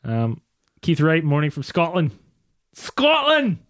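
A man's voice: mid-range voice, normal speed, dry recording. A Canadian man co-hosting a podcast in a studio, chatting casually, joking and reading viewer messages aloud. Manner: joking, playful, reads chat messages aloud. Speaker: podcast co-host. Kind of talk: casual chat. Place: home recording studio. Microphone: studio mic.

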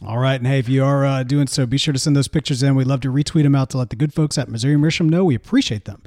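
A man's voice: mid-range voice, rapid-fire, darkish tone. A man co-hosting a casual podcast, upbeat as he recaps points and plugs a sponsor. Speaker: podcast co-host.

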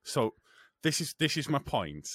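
A man co-hosting a podcast in casual chat, animated, laughing often and swearing freely. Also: mid-range voice, a little slow, dry recording. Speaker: podcast co-host.

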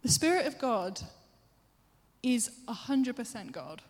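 A woman's voice: fairly high pitch, big pitch swings, unhurried. Chatty woman preacher in a reverberant hall. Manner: chatty, self-deprecating asides. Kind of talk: sermon.

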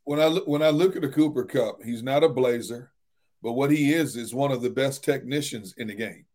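A man's voice: medium pitch, fairly quick, darkish tone. A man co-hosting a sports talk show, debating players emphatically with frequent "you know" fillers. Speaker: sports radio co-host.

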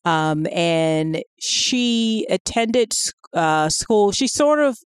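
A woman co-hosting a podcast, talking casually with lots of fillers and animated asides. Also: mid-range voice, very slow, smooth, dry recording, clean studio sound. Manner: chatty and animated, with many fillers. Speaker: podcast co-host.

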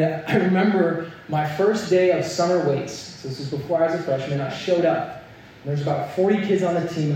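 A man's voice: fairly high pitch, a little mellow, a little hiss or hum. A young man preaching a sermon, telling a story and building to earnest, emphatic points. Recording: echoey hall, mic at a distance.

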